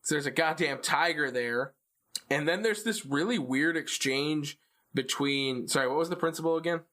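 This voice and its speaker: A man co-hosting a casual podcast, recapping a TV episode in a profane, animated way and acting out the characters' quotes. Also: on the high side, moderate pace. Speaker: podcast co-host.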